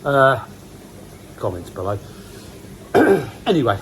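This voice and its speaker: A man's voice: lowish voice, lively intonation, moderate pace, background noise. A man, chatting casually and rambling on a vlog, self-mocking and swearing casually. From England. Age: 50s. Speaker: koi pond vlogger. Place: outdoors by a garden pond.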